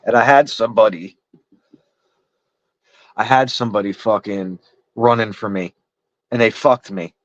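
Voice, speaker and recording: A man's voice: on the low side, a little slow, pauses often, no echo. A middle-aged man in casual chat, frustrated and rambling, swearing heavily. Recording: dull lo-fi sound.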